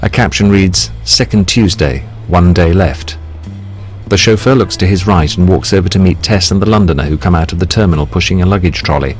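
Deep male audio describer, calm even read, faint music underneath. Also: fairly quick.

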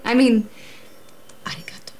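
An actress playing a polite, soft-spoken American woman traveler with an American accent. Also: normal speed, in a whisper, lightly acted, poor audio. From United States.

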